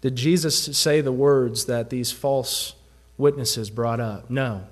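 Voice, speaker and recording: A man's voice: medium pitch, slow pace. A man preaching a sermon with a Southern American accent, using rhetorical questions and emphatic repetition. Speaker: pastor.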